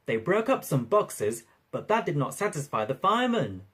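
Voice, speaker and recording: A narrator reading a railway storybook aloud in an expressive, lively way. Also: mid-range voice, moderate pace, husky.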